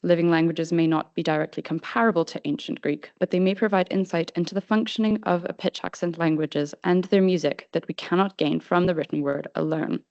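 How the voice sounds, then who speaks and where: A woman presenting a paper at an academic conference, reading formal prose in a measured way. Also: on the low side, steady tone, darkish tone, no room sound. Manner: formal, measured delivery with brief slide-control asides. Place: conference hall. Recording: dull, slightly lo-fi sound.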